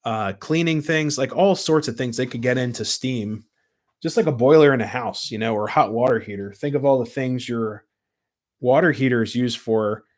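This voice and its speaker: A man's voice: medium pitch, normal speed. A man casually hosting a live stream from home, rambling through his points and answering viewer comments as he goes. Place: home room with model trains. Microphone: camera mic at his desk.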